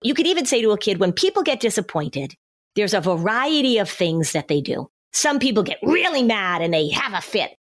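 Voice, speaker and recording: A woman's voice: mid-range voice, sing-song, brisk. A woman hosting a podcast, giving parenting advice in a conversational, explanatory way and acting out what a parent might say. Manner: explanatory, acts out parent and child lines.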